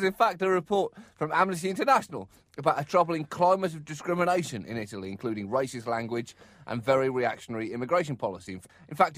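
A man's voice: fairly high pitch, a bit bright, no room sound. Wry man in comic banter. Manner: wry, dry, chuckling asides. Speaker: comedy podcast co-host.

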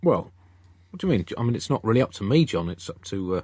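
A man co-hosts with wry, dry joking in casual banter. His voice is low and husky, recorded close in a dead, dry space. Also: sing-song, quick pace, a little mellow, dry recording. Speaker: podcast co-host.

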